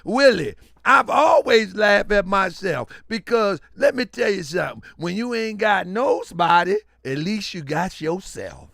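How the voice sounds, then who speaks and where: Middle-aged guy on a livestream, high gravelly voice, keeps laughing and teasing chat. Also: animated, unhurried, few pauses, no room sound, studio quality. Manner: loud, laughing often, teasing and mocking. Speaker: livestream host. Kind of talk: casual livestream commentary reading chat.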